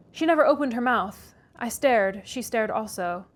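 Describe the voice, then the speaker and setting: A woman reading a classic novel aloud, pausing for chatty asides and laughing at her own stumbles. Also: on the high side, animated. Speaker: audiobook reader, read-aloud host.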